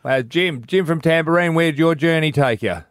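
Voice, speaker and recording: A man's voice: on the high side, normal speed, clear, resonant tone, no echo, clean studio sound. A man hosting a breakfast radio show in a playful, upbeat way. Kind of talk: casual radio chat.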